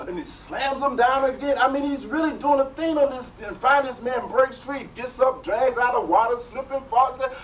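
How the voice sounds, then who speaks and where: A man's voice: very high-pitched, moderate pace, hardly any pauses. A man leading a spiritual workshop, telling stories animatedly and tossing in rhetorical questions, recorded from a distant mic in a noisy room. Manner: animated storytelling with rhetorical "right?". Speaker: spiritual teacher.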